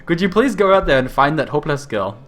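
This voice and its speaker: A man's voice: on the high side, big pitch swings, quick pace, fairly bright tone, voice pushed up. A man voicing an eccentric, reckless male scientist-inventor in an over-the-top Australian stereotype accent, reading game dialogue with a cackle. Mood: excited fussing. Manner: exaggerated, cackling quest-text reading.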